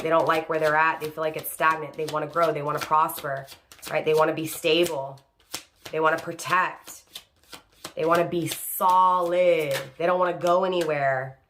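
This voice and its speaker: Tarot reader, woman, lowish voice, keeps asking "right?" while rewording her points, faint card shuffling behind. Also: noisy background. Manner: repeats "right?" and rephrases each point; addresses the viewer by star sign. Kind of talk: online tarot reading.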